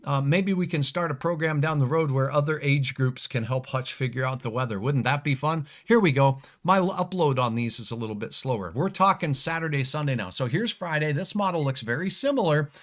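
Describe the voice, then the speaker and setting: A man's voice: on the high side, expressive, a little fast, hardly any pauses, a bit bright. A man giving a casual, joking livestream weather forecast and answering viewer comments.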